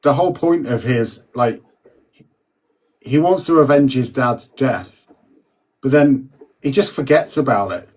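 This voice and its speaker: Man, unhurried podcast co-host, halting and tentative delivery. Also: mid-range voice, a little mellow, low-quality recording. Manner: hesitant, many ums and restarts. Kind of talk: casual podcast chat.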